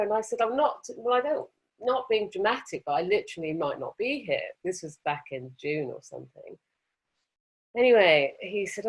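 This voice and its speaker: Husky woman telling a story. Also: lowish voice, moderate pace. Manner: animated, expressive, self-mocking. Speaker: podcast guest. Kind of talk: conversational storytelling.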